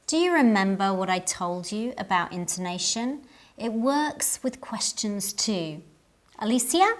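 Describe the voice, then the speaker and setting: A woman teaching an English lesson in a scripted style, pronouncing each word carefully and deliberately. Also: mid-range voice, lively intonation.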